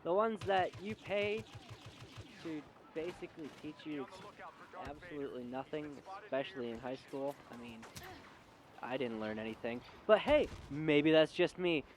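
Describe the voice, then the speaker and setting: Young male vlogger, high voice, sarcastic and animated, comedic rant with faint background noise. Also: moderate pace. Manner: sarcastic, animated, jumps in pitch and loudness for emphasis. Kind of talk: casual comedic vlog rant.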